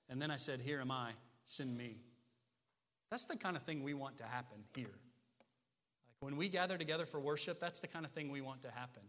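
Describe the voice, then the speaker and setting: A man preaching a sermon as pastor, emphatic, asking rhetorical questions and swinging between loud stresses and quiet asides. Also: medium pitch, long reverb tail.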